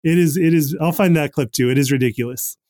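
A man's voice: a little high, quick pace, mellow, no room sound, studio quality. A man in a casual podcast chat who rambles, fills his talk with "like", and chuckles often. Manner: rambling, frequent "like", laughs often. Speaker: podcast co-host.

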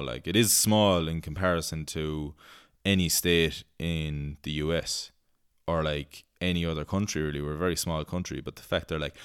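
A man's voice: rumbling low, fairly even intonation, normal speed, clean tone, no echo, clean studio sound. An Irish man hosting a podcast, ranting in casual chat and swearing freely. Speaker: podcast host.

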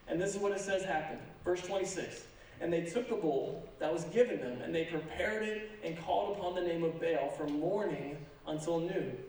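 A pastor preaching a sermon in an animated, joking manner with sarcastic asides. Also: male voice, on the high side, moderate pace, hardly any pauses. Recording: echoey sanctuary, from a distance.

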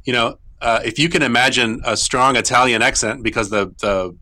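A middle-aged man with a bright, forward voice gives explanatory interview answers as a guitar teacher. He talks thoughtfully, often stopping and restarting his sentences. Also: mid-range voice. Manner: thoughtful, halting, with frequent restarts.

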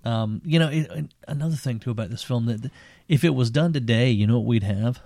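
A man co-hosting a podcast, chatting casually about an old cult film, rambling and animated and laughing often. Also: mid-range voice, fairly quick, creaky, no echo, clean studio sound. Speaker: podcast co-host.

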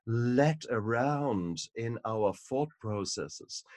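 A man's voice: medium pitch, expressive, very slow, a little mellow, no echo. A man, an author and guest, talking emphatically in a podcast conversation and repeating words for stress.

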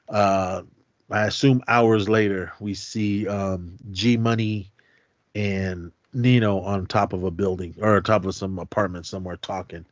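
A man's voice: on the low side, no room sound, dull audio. A man co-hosting a podcast, casually recapping a film scene by scene and acting out the characters' lines as he goes. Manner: animated retelling, voicing characters' lines. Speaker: podcast co-host.

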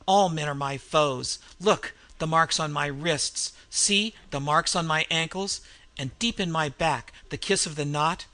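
A man voicing a murderous, insane male innkeeper who roars and booms with mad laughter. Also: a little slow, sharp tone. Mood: raving. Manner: roaring, booming mad laughter.

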